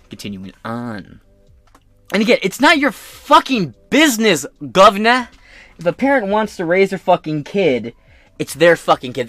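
A man's voice: high-pitched, sing-song, moderate pace, a bit bright, no echo, soft background music. A man hosting a podcast who rants brashly and sarcastically with constant swearing. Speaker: podcast host. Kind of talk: crude political rant.

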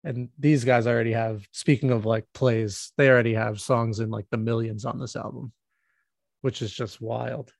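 A man's voice: medium pitch, fairly even intonation, normal speed, creaky, dry recording, studio quality. A man co-hosting a music podcast, chatting casually and rambling with many fillers and restarts. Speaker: podcast co-host.

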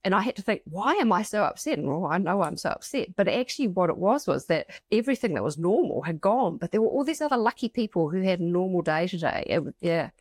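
A woman's voice: on the low side, big pitch swings, fast, hardly any pauses, darkish tone, no room sound, clean studio sound. A middle-aged woman co-hosting a heartfelt conversation, reading passages aloud and reflecting on her own experiences. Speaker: podcast co-host. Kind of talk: casual emotional conversation.

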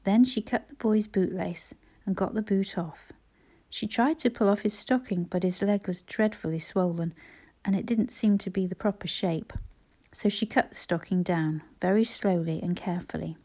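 A woman reading a children's story aloud in a measured storytelling manner. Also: mid-range voice, mellow. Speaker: audiobook narrator.

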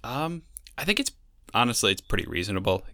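A young man with a lowish voice, recorded close and dry, chatting on a podcast. He talks in a wry, sarcastic way and rambles easily through his stories. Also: sing-song, brisk, creaky, sharp tone, dry recording. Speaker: podcast co-host. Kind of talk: casual chat.

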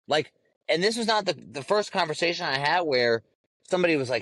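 A man's voice: on the high side, expressive, brisk, a bit bright, no room sound. Fired-up profane man ranting. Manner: heated, profane, emphatic, repeats phrases. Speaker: podcast host. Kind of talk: profane opinion rant.

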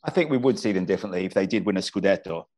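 An Australian football commentator with a deep, darkish voice talks very fast and with real animation on a casual podcast. He's enthusiastic and often restarts his sentences, in a clear Australian accent.

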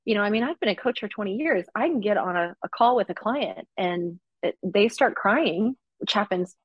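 A woman's voice: mid-range voice, animated, normal speed, slightly rough, dry recording, muffled recording. A woman who works as a coach, chatting casually and openly, often laughing. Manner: open, emotional, laughs often. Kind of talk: casual chat.

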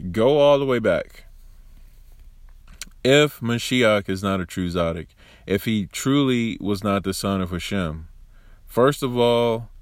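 A man hosting a broadcast, giving casual, animated religious commentary with sarcastic asides. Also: mid-range voice, no room sound, clean studio sound. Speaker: host.

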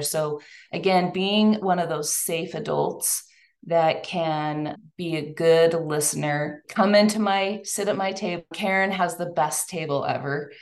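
Brief: adult woman, earnest heartfelt testimony to an audience, lower pitch, some vocal fry. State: tearful at times. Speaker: speaker giving a talk to women. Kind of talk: personal testimony talk.

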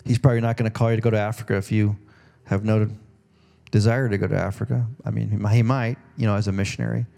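Man, pastor, conversational sermon, mellow dark tone, questions to the congregation. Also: fairly low pitch, level tone, fast, vocal fry. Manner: acts out voices in quoted dialogue. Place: church service.

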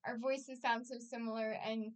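A woman's voice: on the high side, flat delivery, moderate pace, far from the mic. A young woman co-hosting a casual podcast, telling stories in an upbeat way with frequent laughs. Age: young adult. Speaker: podcast co-host. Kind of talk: casual chat.

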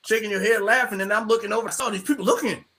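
A man's voice: high voice, very fast, pushed and bright, breathy edge. A man from the northeastern United States, a podcast guest recalling army days in easygoing, laughing chat. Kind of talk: casual chat.

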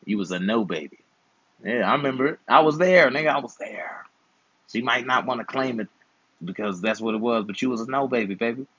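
A man's voice: mid-range voice, brisk, a bit bright, husky, no echo, lo-fi sound. A man in his twenties, an uncle hosting a channel, chatting casually and playfully with slangy, teasing advice. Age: 20s. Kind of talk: casual chat while gaming.

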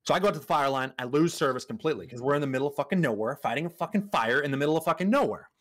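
Animated swearing man telling a story. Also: fairly high pitch, very fast. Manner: animated, swears often, acts out quotes. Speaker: podcast co-host. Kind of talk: casual storytelling chat.

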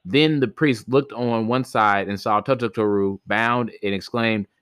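A man's voice: fairly low pitch, measured pace, few pauses, a bit bright, clear, resonant tone, no echo. A man reading a folk tale aloud for a podcast, plain in delivery, often stumbling and restarting words. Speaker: podcast storyteller.

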